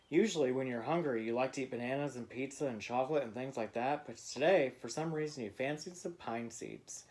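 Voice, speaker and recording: Gentle man telling a bedtime story. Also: mid-range voice. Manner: gentle, playful storytelling to a child.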